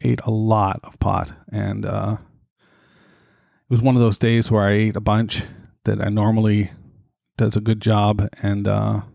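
A podcast host chatting casually at home, out of breath and breathing heavily, rambling with lots of fillers. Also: male voice, fairly low pitch, little pitch movement, unhurried, creaky, darkish tone, no room sound. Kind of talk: casual chat. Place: home studio.

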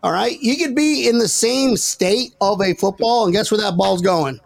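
Excitable high-voiced man with gravelly edge. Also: moderate pace. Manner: excitable, joking, talks over others. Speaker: podcast host. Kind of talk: casual sports banter.

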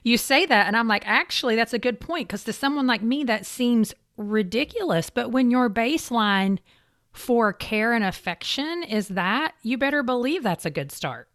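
A woman podcast host conducting a conversational interview, affirming her guest and asking gentle follow-up questions. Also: on the high side, lively intonation, normal speed.

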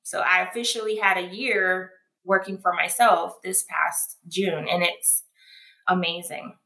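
A woman being interviewed, telling her story in an animated way and acting out what people said. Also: lowish voice, a little slow, vocal fry. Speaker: guest, founder of a foot care brand. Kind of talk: casual interview conversation. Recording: echoey room.

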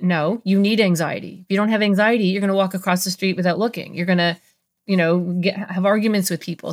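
A middle-aged woman, a therapist, explaining ideas in a podcast interview and acting out little voices in her examples. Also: medium pitch. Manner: animated, acts out voices in examples.

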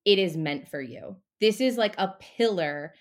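Woman coach on a podcast, chatty and animated, middle pitch, swears a bit. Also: measured pace. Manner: animated, casual, mildly profane. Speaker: mindset coach guest. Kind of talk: casual podcast interview.

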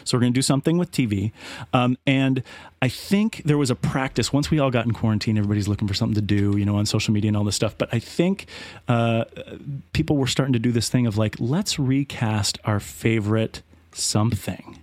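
A middle-aged man hosts a casual podcast chat over a video call, stopping and restarting his sentences often. His voice sits at a medium pitch. The sound is dry and close. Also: a little mellow, no room sound. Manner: halting, many restarts and fillers. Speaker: podcast host.

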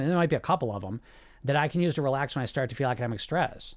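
Rapid-fire and animated, this medium-pitched man runs a weight-loss coaching show, talking straight to listeners with lots of energy and frequent repetition. It's casual live coaching talk, captured in a dry recording.

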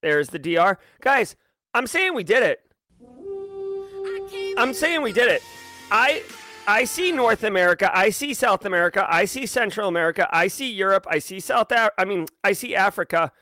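A man hosting a live show, giving playful, rapid shout-outs to viewers. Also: high-pitched, lively intonation, faint music behind. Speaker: livestream host.

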